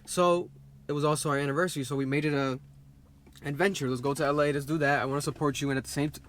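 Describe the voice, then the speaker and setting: A man's voice: a little high, steady tone, quick pace, a bit bright, a little hiss or hum. A young man chatting casually as a vlog co-host, rambling and restarting his sentences. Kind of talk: casual chat.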